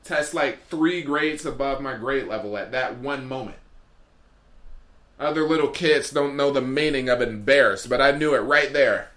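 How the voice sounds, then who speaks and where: A man's voice: medium pitch, normal speed, fairly bright tone. A man doing a rambling comedic storytelling monologue as a podcast host, drifting off on tangents. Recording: roomy echo.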